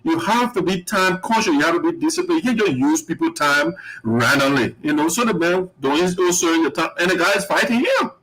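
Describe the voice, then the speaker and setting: A man's voice: fairly high pitch, expressive, brisk, hardly any pauses, fairly bright tone, low-quality recording. A man hosting a live online talk show, rambling, laughing often and reading out viewer comments. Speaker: host.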